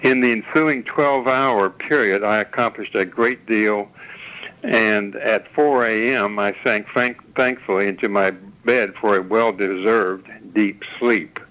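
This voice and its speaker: A man in his seventies recounts his experience in a steady, measured storytelling manner. His voice sits a little low. The delivery sounds read aloud rather than improvised. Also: low-quality recording. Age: 70s. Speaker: caller giving a testimonial. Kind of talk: read-aloud personal testimonial.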